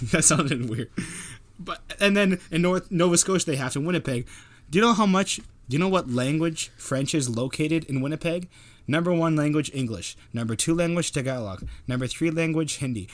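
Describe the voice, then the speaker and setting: A man's voice: fairly high pitch, brisk. A man from Canada, co-hosting a casual political podcast and voicing opinions through rhetorical questions. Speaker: podcast co-host.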